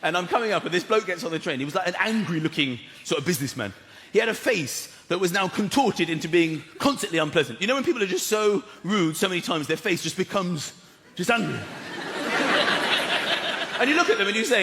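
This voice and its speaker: Brief: male comic, high lively voice, theatre reverb, loud laughing crowd. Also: fairly quick, noisy background. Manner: animated storytelling, acting out characters. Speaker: stand-up comedian. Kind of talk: stand-up comedy. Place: large theatre stage.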